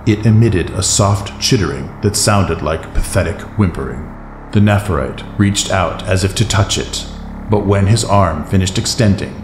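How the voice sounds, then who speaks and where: A man narrating an audiobook in a measured, steady way. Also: deep voice, background noise. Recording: roomy echo, faint music bed.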